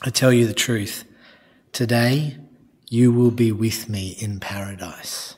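A man voicing Jesus as a calm, forgiving grown man, speaking with solemn earnestness. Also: mid-range voice, takes it slowly, husky, in a large hall.

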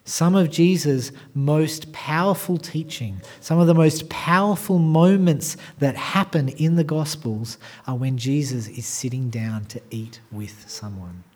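A man preaching a sermon as pastor, talking straight to his congregation and swinging from quiet asides to loud, emphatic passages. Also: on the high side, a little slow, hardly any pauses. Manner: addresses the congregation directly with rhetorical questions.

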